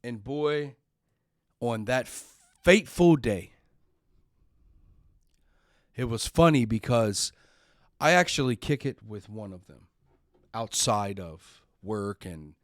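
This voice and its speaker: Man, middle-aged, podcast host, slow earnest storytelling, emotional, dry close sound. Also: lowish voice, no echo. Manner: earnest, emotional, repeats words when upset. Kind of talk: personal storytelling monologue.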